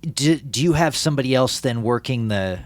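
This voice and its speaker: A man hosting a podcast, asking questions in a relaxed, conversational way. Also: mid-range voice, brisk, no echo. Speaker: podcast host. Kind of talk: casual podcast interview.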